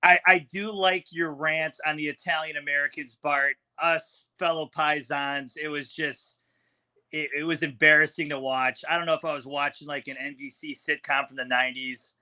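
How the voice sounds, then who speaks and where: A man co-hosts a casual sports podcast, breaking down a game in a blunt, frustrated way. His voice is bright and sits a little high. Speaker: podcast co-host.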